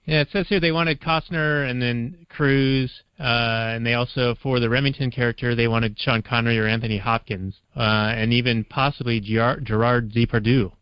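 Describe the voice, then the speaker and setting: A man's voice: mid-range voice, fairly even intonation, moderate pace, hardly any pauses, smooth, no room sound. A man hosting a podcast in casual movie chat, chatty, stumbling over repeated words. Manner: chatty, repeats words, reads facts aloud. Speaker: podcast host. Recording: dry, slightly dull lo-fi audio.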